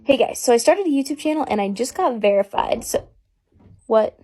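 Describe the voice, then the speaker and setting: A woman's voice: on the high side, animated, a little fast, mellow, soft background music, pitched below the performer's own voice. A young woman voicing a chatty girl vlogger who has just started her channel.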